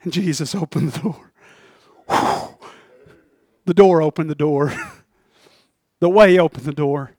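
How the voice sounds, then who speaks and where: A male preacher delivers a sermon in an emphatic, repetitive style and addresses the congregation directly. His voice sits high, and the sound is close and dry. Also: moderate pace, darkish tone, no echo.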